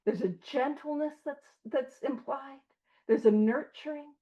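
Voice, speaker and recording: Woman, high voice, earnest and emphatic study leader, slightly muffled call audio. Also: measured pace, warm tone. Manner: earnest and emphatic, with asides and laughs. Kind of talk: conversational study talk. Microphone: video call.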